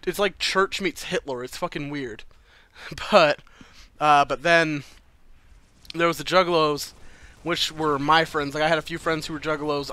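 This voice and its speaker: A man's voice: fairly high pitch, pushed and bright, smooth, dry recording. A man casually telling a personal story to camera, chatty and loose, swearing freely and laughing between lines.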